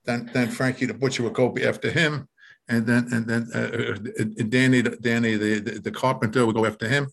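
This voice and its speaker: A man's voice: mid-range voice, flat delivery, brisk, vocal fry, a bit bright. An older man reminiscing in casual talk, rambling and repeating words, often chuckling as he tells his story.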